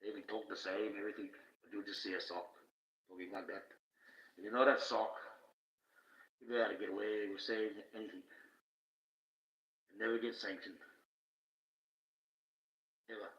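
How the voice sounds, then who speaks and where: A man from Australia hosting a livestream in a put-on, Finnish-tinged, Dracula-like accent, talking in a menacing, boastful, deliberate way. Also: on the low side, flat delivery, a bit bright. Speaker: livestream host. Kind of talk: livestream rant. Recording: roomy, distant, dull lo-fi.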